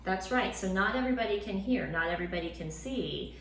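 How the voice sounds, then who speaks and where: A woman teaching a Sunday school lesson to children at home, in a lively, encouraging way. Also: medium pitch, brisk, slight background noise. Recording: roomy room sound with faint ambience.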